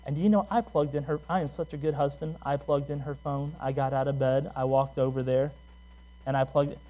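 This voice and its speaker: A man's voice: mid-range voice, steady tone, fairly quick, warm tone. A man preaching a sermon as pastor, talking casually, telling stories about himself and asking the listeners questions. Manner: conversational preaching with personal stories and rhetorical questions.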